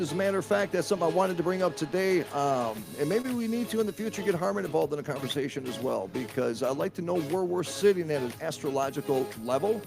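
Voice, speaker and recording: A man's voice: on the high side, expressive, quick pace, creaky, hardly any pauses, music in the background. A man hosting a podcast, wrapping up the show in a playful, rambling way with some swearing. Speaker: podcast host. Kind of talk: casual chat.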